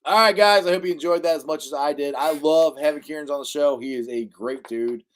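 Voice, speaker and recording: A man's voice: fairly high pitch, brisk. A man from Cincinnati hosting a casual sports podcast live stream, enthusiastic and laughing at his own jokes. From Cincinnati, USA. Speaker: podcast host. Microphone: live-stream microphone.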